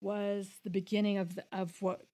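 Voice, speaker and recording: A woman's voice: medium pitch, little pitch movement, normal speed, dark tone. Chatty woman explaining at length. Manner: explains at length, with many restarts and quoted voices. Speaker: podcast co-host. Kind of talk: casual explanatory chat.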